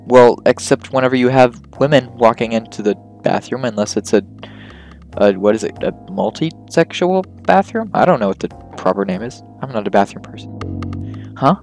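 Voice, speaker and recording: A man's voice: medium pitch, lively intonation, fairly quick, a little mellow, low-quality recording. A young man casually commenting on a video game, reading its dialogue aloud in his own voice and adding joking, rambling asides. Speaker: let's play host. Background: faint game music.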